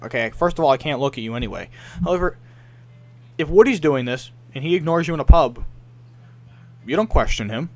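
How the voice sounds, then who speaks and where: A man's voice: fairly high pitch, expressive, brisk, pauses often, a little mellow. A young man co-hosting a casual gaming podcast, ranting in frustration, swearing often and mimicking other players. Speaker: podcast co-host.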